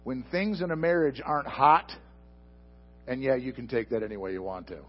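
A pastor preaches into a microphone before a congregation in a church sanctuary, questioning them directly and shifting between loud, emphatic bursts and soft, slow asides. His voice is medium in pitch with big swings, and the audio sounds dull.

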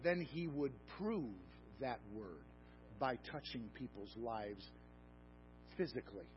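A man preaching a sermon, animated and conversational, swinging from emphatic peaks to low, soft asides. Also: slow pace. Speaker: pastor. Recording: dull lo-fi sound with faint music.

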